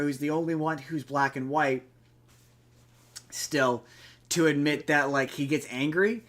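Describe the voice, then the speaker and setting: A young male podcast co-host rambles casually through a film's plot, often stopping and restarting and leaning on fillers. His voice sits a little high and sounds a bit bright.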